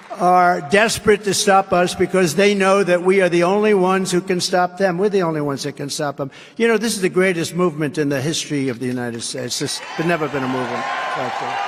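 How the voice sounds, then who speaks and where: A man with a notably high voice delivers a campaign rally speech from a podium microphone. He is combative and repeats his points, with sarcastic asides. His words ring through a large arena with a long reverb. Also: normal speed, a bit bright, some chatter behind. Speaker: politician addressing a rally.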